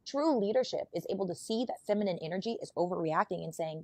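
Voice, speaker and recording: A woman's voice: lowish voice, lively intonation, quick pace, dark tone, no room sound. A woman guest on a podcast, confidently explaining her views and acting out little quoted exchanges. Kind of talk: casual talk giving opinions.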